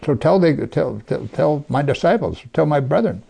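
A man preaching a sermon, reading scripture aloud and commenting on it, at times dropping his voice very low for emphasis. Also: expressive, moderate pace, gravelly, slightly rough. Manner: reads scripture then comments, drops to soft near-whispers for emphasis.

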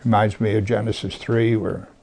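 A man preaching a sermon, reading scripture aloud and talking to his congregation with earnest emphasis, sometimes dropping to a hush. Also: fairly low pitch, level tone, normal speed, creaky, breathy edge. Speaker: pastor.

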